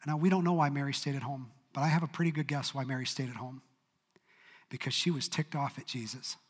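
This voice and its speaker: A man preaching a sermon in a church, expressive and dramatic in his delivery. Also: medium pitch, fast, husky, long reverb tail. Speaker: pastor.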